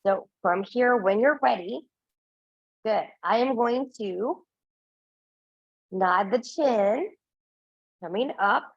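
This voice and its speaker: High-voiced woman leading a Pilates class. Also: slow, long pauses, no room sound, muffled recording. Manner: counting reps, encouraging cues. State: slightly out of breath. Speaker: Pilates instructor. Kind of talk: guiding an exercise class.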